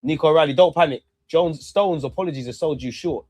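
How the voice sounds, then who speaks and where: A young man giving excitable live commentary on a match, calling out to players and the referee and swearing. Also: a little high, brisk, no room sound. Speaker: football fan streamer.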